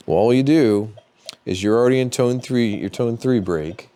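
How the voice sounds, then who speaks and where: A man hosting a metal detecting channel, explaining device settings in a relaxed, plain-spoken tutorial and thinking aloud as he goes. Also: mid-range voice, normal speed. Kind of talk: casual how-to tutorial.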